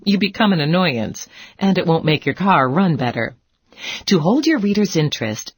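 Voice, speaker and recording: Female teacher for a lesson video: patient, encouraging, lower voice with a breathy edge. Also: no room sound. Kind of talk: scripted educational dialogue.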